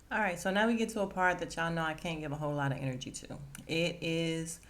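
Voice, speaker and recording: A woman's voice: low-pitched, normal speed. Woman laughing through a TV recap. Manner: animated retelling, acting out characters' lines, frequent laughter. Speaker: podcast host recapping a TV episode. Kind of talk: casual recap chat.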